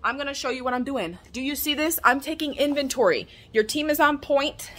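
A woman chatting straight to her phone camera at home, excitable and a little out of breath, in a casual vlog. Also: sits high, fairly quick, slight background noise. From Florida, USA. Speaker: vlogger and small business owner. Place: at home, indoors.

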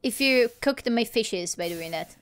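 Playful, bright-voiced woman gamer. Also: a little high, lively intonation, a little slow. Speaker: gamer recording a let's play. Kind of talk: casual gameplay chat.

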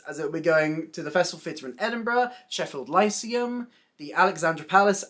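A young woman runs through the week's theatre news in a relaxed, chatty way. She sounds openly enthusiastic and laughs easily between items. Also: low voice. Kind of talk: casual news recap.

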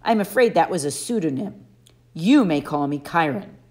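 A woman voicing a kindly, patient male teacher who speaks calmly and formally in a storybook reading. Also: low voice, normal speed.

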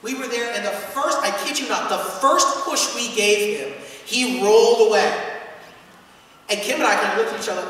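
A pastor in his thirties preaching a sermon, moving from relaxed storytelling to loud, fervent preaching. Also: high-pitched, moderate pace, a little hiss or hum. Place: church sanctuary. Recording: echoey church hall from far off.

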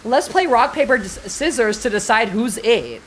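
A young woman streaming a horror game, chatting with sassy, profane slang and reading the game's lines aloud, going from low mumbles to sudden shrieks. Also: animated, moderate pace. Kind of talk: casual live-stream commentary, reading game dialogue aloud.

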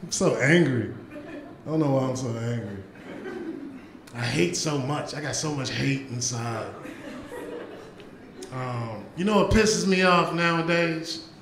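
A man doing a loud, animated stand-up comedy set in a club, with profanity and crowd work. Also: medium pitch, unhurried, long pauses, noisy background. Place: comedy club stage before a live audience. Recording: echoey club with audience laughter.

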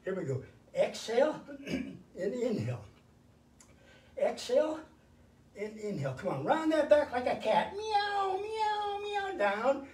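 A man's voice: sits high, measured pace, long pauses, recorded from a distance. An older man hosting a live fitness show, calling out counts and cheering viewers through the exercises. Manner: energetic, cheering coaching with counted cues. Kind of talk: live workout instruction. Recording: roomy sound from away from the mic.

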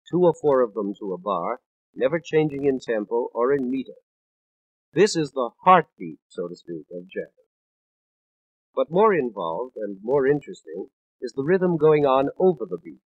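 A man's voice: mid-range voice, animated, moderate pace, breathy edge, no room sound, phone-quality sound. A man in his thirties giving a scripted spoken lecture on music for a 1950s studio record, explaining patiently and counting out beats in rhythm. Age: 30s.

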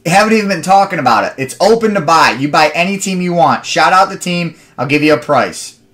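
A man's voice: a little high, animated, a little fast, a bit bright. A young man hosting a live card break stream, chatting with viewers and rambling into stories between picks.

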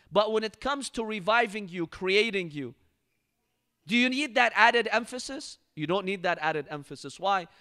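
In a mosque, a male preacher gives a Ramadan lecture in a high-pitched, bright, forceful voice. He tells stories expressively and recites verses in Arabic.

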